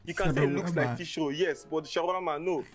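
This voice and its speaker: A man's voice: on the high side, fairly quick, loud music behind the voice. A Nigerian man acting a flustered pizza delivery man in a comedy skit, defensive and pleading.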